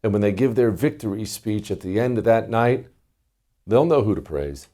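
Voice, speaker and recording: A man's voice: fairly low pitch, expressive, normal speed, warm tone. A middle-aged man hosting a talk show, delivering a combative, sarcastic monologue. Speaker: host.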